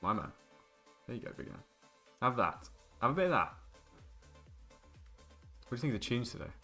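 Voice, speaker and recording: A man's voice: mid-range voice, sing-song, normal speed, gravelly, bright, forceful tone, husky, faint music behind. A man in his twenties streaming a game, chatting casually and joking and rambling with his viewers. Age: 20s. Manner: joking, rambling banter with chat. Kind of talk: casual live-stream chat.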